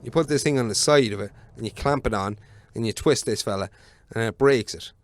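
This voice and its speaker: A man's voice: mid-range voice, fairly quick. A man, a podcast guest telling rambling, sweary stories in casual chat.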